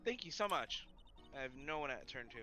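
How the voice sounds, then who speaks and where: A man reading the lines of a worried young woman in a game, in a flat, quick read-along manner. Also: a little high, roomy sound, soft background music, heavily acted.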